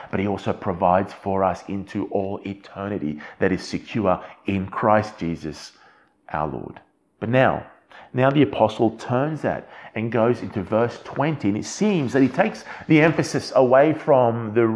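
A man's voice: medium pitch, a little mellow. A man preaching an expository sermon in an earnest, emphatic way, often restarting his phrases.

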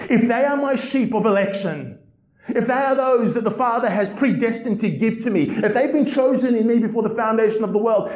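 A man preaches a sermon with a high yet mellow voice. He moves between slow, weighty reading and soaring, emphatic passages. The sound rings in a roomy, echoey church. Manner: passionate preaching, swinging between low and soaring pitch. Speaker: pastor.

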